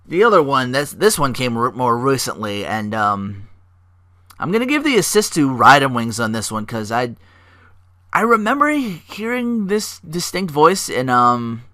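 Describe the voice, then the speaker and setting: A man hosting a casual solo podcast, rambling excitedly with swearing and fillers. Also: mid-range voice, moderate pace. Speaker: podcast host.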